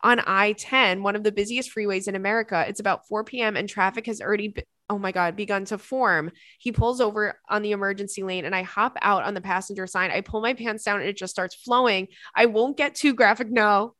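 A woman's voice: medium pitch, fairly even intonation, a little fast, hardly any pauses, bright, forceful tone, no echo, studio quality. A woman hosting a podcast, reading a listener's story aloud and reacting with laughter and dramatic asides. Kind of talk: casual chat.

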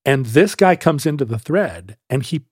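A man's voice: a little high, normal speed, slightly rough, no room sound. Guy telling a long story, bouncy up and down voice, does little voices for people, dry close mic. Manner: animated storyteller who acts out quoted voices. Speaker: podcast host. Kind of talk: casual storytelling chat.

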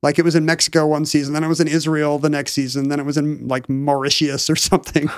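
A man's voice: fairly high pitch, level tone, fast talker, clean tone, no echo. Brief: middle-aged male co-host, rambling, self-interrupting, dry mic. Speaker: podcast co-host. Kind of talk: casual chat.

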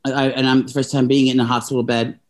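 A man's voice: mid-range voice, flat delivery, quick pace. Rambling, emotional young man telling a story. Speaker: podcast co-host telling a story. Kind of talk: casual chat.

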